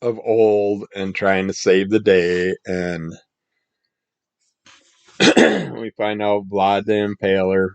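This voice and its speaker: A man reviewing comic books in a casual, rambling monologue, his voice scratchy from the morning and his throat needing clearing. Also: fairly low pitch, takes it slowly, pauses often, no echo. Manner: rambling, relaxed, trails off mid-sentence.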